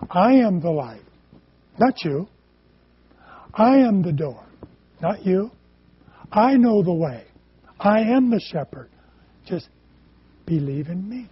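A man preaching a sermon in short phrases, pausing so an interpreter can follow. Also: high voice, sing-song, dull audio, slight background noise.

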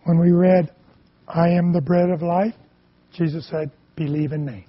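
High-voiced husky male preacher. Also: fairly even intonation, no echo, muffled recording. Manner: speaks in short phrases, pausing for the interpreter. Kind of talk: sermon with live interpretation.

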